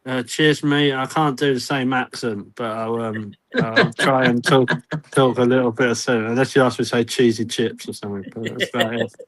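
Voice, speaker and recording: A man's voice: mid-range voice, fairly even intonation, moderate pace. A man chatting casually on a football fan podcast, laid-back and offhand, laughing easily. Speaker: podcast co-host.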